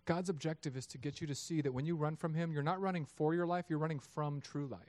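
A man in his thirties preaching a sermon, lively and acting out voices of God and people in his story. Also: a little high, quick pace, dry recording. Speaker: pastor.

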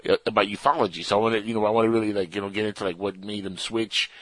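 A man's voice: on the low side, steady tone, rapid-fire, fairly bright tone, no room sound, poor audio. A man hosting a radio show, chatting in a playful, goofy and rambling way. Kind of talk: casual radio banter.

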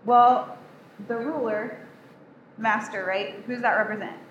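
A woman's voice: on the high side, fairly even intonation, slow pace, highs cut off, slight background noise. A woman giving a casual sermon, talking easily and asking the group questions as she teaches. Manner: chatty, asks the room questions. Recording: echoey room with faint ambience.

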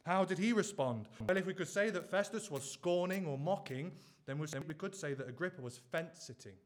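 A man's voice: high-pitched, lively intonation, brisk. A man preaching a sermon, pressing his listeners with earnest, repeated rhetorical questions.

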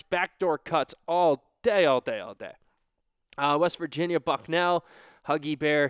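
A man's voice: a little high, fairly bright tone, clear, resonant tone, no echo, studio quality. A young man casually talking himself through tournament bracket picks in an offhand, thinking-aloud way. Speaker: bracket picker. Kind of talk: casual solo commentary.

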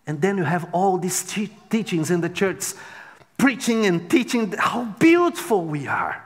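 Slow, high-voiced man preaching in a hall. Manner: dramatic swings between loud exclamations and near-whispers. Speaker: pastor. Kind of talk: sermon. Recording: long hall reverb.

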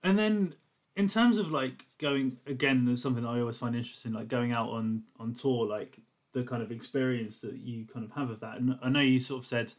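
A man's voice: medium pitch, fairly quick. A man interviewing a musician, asking long, rambling questions padded with fillers. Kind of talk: casual interview.

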